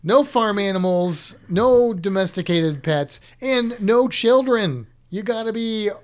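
A woman's voice: mid-range voice, expressive, takes it slowly. A woman co-hosting a casual chat, rambling and playful, trailing off mid-sentence. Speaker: podcast co-host.

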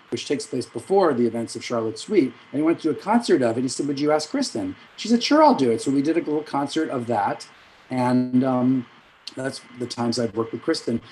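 A middle-aged man, a music director and vocal coach, telling rambling anecdotes in an interview, with quick asides and self-corrections. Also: mid-range voice, darkish tone, slight background noise, low-quality recording. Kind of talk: storytelling in an interview.

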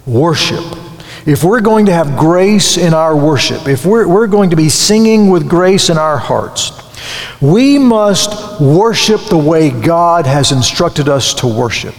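A man's voice: a little high, lively intonation, takes it slowly, long reverb tail. A man preaching a sermon, earnest and emphatic, repeating key words and restarting phrases.

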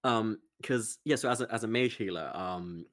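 A man's voice: on the low side, moderate pace, a bit bright. A man chatting as a podcast guest, rambling along with lots of fillers. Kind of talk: casual chat.

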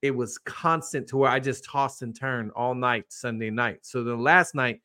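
A man's voice: mid-range voice, normal speed, sharp tone. Guy hosting a faith podcast, earnest, chatty, telling his own story. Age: adult with children. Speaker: podcast host. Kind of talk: casual faith talk.

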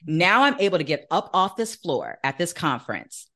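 A woman guest on an interview podcast, telling a personal faith story in an earnest, animated way and acting out the voices she quotes. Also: fairly low pitch, moderate pace. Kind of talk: conversational testimony in an interview.

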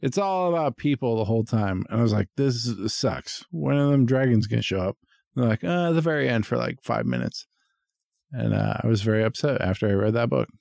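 Gravelly, profane podcast guy. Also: mid-range voice, lively intonation, brisk, dark tone, no room sound, clean studio sound. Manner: profane, jokey, does silly quoted voices. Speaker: podcast co-host. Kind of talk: crude casual banter. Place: basement studio.

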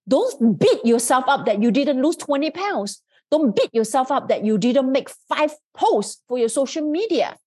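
Female podcast host, motivational monologue; high voice that swings widely, earnest and coaching. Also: slightly rough.

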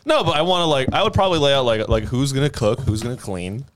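A man's voice: quick pace, slight background noise. A man co-hosting a podcast in casual, joking chat. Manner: joking, breaks into high mock voices. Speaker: podcast co-host.

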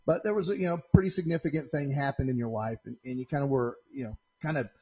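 Fast-talking husky man hosting a podcast. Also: medium pitch, muffled recording. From Central Indiana. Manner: rambling, animated when retelling arguments. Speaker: podcast host. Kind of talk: casual storytelling chat. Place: home shop with doors open.

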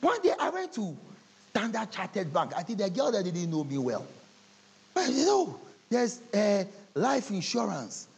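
A man preaching a humorous sermon, telling animated stories and acting out conversations. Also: high-pitched, moderate pace, gravelly, slightly rough. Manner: animated storytelling, acting out dialogues with laughter.

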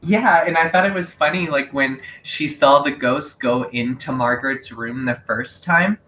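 Guy cohosting a podcast, bright voice, keeps laughing while he retells scenes, faint hum behind. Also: mid-range voice, moderate pace, low-quality recording. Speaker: podcast co-host. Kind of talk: casual chat.

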